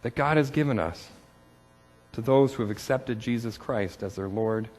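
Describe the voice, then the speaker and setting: A man preaching a sermon as pastor, earnest and questioning, rising in his appeals and dropping quiet on key words. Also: mid-range voice, moderate pace, big-room sound.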